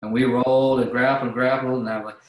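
A man, a vocal coach guest on a podcast, telling casual stories in an animated way with frequent restarts. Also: mid-range voice, fast, echoey room, low-quality recording.

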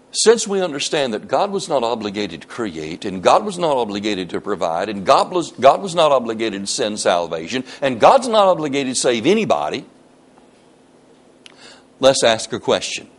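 Man, pastor, preaching a sermon; animated pitch, emphatic questions, reads scripture aloud. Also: moderate pace.

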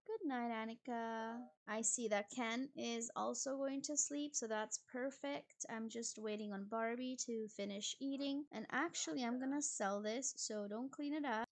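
Gaming YouTuber, female, fairly high voice, chatty play-by-play with sudden exasperated outbursts. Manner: chatty, talks to her game characters, quick shocked outbursts. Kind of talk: casual let's-play commentary.

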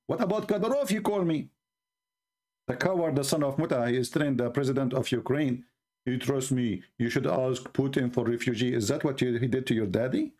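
A man's voice: medium pitch, darkish tone. A man hosting a live-stream religious debate show, mocking and combative, chuckling at his own jokes and speaking English with non-native grammar.

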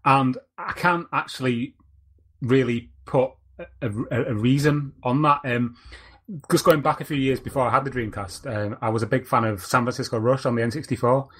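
A man's voice: medium pitch, moderate pace, fairly bright tone. A man co-hosting a podcast in casual chat, rambling and searching for words. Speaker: podcast co-host.

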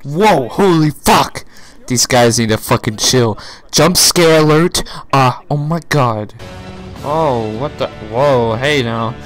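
A young man reacting live to a video presentation, excitable, shouting, swearing and gasping. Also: mid-range voice, slow pace, soft background music.

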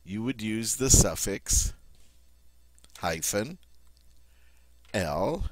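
A man's voice: on the low side, expressive, extremely slow, no room sound. A man teaching a French grammar lesson, emphatic and repeating "all right" often.

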